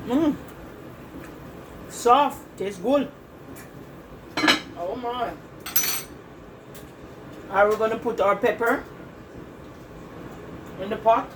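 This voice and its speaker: A cooking channel host with a slightly high voice speaks very slowly, with long pauses, against a noisy background. In her kitchen she demonstrates home cooking casually, chatting straight to viewers and repeating herself as she goes.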